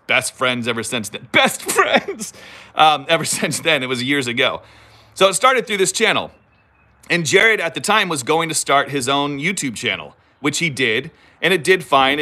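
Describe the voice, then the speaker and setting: A middle-aged man talks casually on a live stream, full of rambling asides and self-teasing jokes. His voice is bright and lively, swinging up and down a wide range. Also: mid-range voice. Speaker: YouTube vlogger hosting a live stream. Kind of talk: casual live-stream chat, reading viewer comments.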